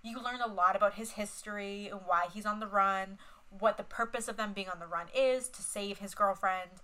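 A woman's voice: medium pitch, normal speed, sharp tone, low-quality recording. A young woman co-hosting a podcast, chatting casually and retelling film scenes with lots of fillers and swearing. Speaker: podcast co-host. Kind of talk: casual chat.

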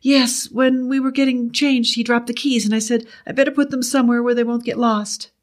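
A man voicing a frightened, tearful young woman who speaks in a high, quivering, pleading voice. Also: level tone, brisk. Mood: flustered.

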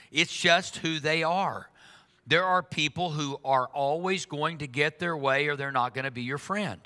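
A man preaching a sermon in an earnest way, slowing down for emphasis and speeding up for asides. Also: fairly high pitch, pushed and bright. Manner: earnest, shifts between slow emphatic lines and quick asides. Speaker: pastor. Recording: long reverb of a large hall.

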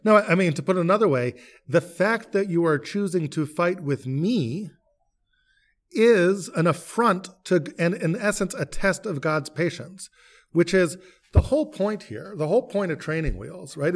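Man, rabbi type, higher-pitched, animated teaching voice, podcast study. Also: moderate pace. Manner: animated, questioning, reads verses then explains. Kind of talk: podcast text study discussion.

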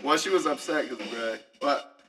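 A man's voice: medium pitch, moderate pace, a bit bright, breathy edge, faint music behind, low-quality recording. A young man co-hosting a podcast, bantering in slangy, crude jokes. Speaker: podcast co-host. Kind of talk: casual chat. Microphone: podcast mic on a desk.

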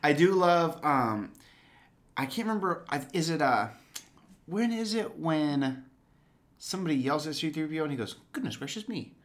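A man co-hosting a casual podcast chat about films, chatty and quick to drop in goofy impressions. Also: a little high, lively intonation. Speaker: podcast co-host.

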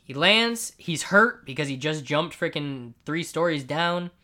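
A man hosting a casual comic book chat, recapping scenes in an animated way and acting out the characters, with frequent swearing and jokes. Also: fairly high pitch, measured pace, a crowd in the background. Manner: animated storyteller who acts out scenes; profane, joking. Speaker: comic book podcast co-host.

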